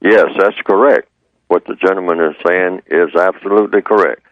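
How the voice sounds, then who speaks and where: A man, the guest on a radio show, explaining his ideas in a measured way and repeating his points. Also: deep voice, no echo, dull audio. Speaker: guest speaker.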